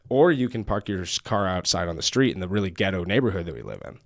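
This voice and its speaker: Very deep-voiced man, rambling and swearing. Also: very animated, quick pace, no room sound, clean studio sound. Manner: rambling, swears often, many fillers. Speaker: podcast host. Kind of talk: casual chat.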